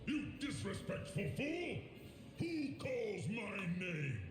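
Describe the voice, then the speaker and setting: Vengeful knight in a game, shouty and theatrical, roomy echo. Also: male voice, sits high, big pitch swings, slow, over music, full character voice. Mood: furious. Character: vengeful knight seeking revenge, proud and furious.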